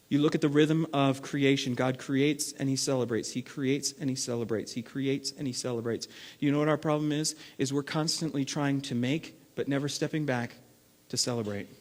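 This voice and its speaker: A man preaching a sermon as lead pastor, acting out everyday scenes and swinging between loud bursts and hushed stretches. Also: mid-range voice. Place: church sanctuary. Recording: long reverb of a large hall.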